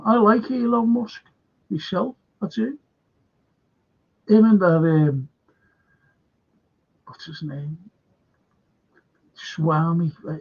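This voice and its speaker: An older man hosting a live stream, rambling through viewer comments in a casual chat and losing his train of thought. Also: high voice. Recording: dull lo-fi stream audio.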